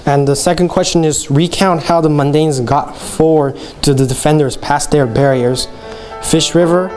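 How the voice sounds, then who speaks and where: A man's voice: on the high side, fairly even intonation, a little mellow, soft background music. Teenage boy leading a vocabulary lesson. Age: teens. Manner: careful, deliberate enunciation. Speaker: student presenter.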